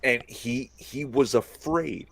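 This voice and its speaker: A man's voice: medium pitch, slow, gravelly, slightly rough, no room sound. A man hosting a casual talk show, blunt and crude, teasing his guest. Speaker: host. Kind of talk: casual chat.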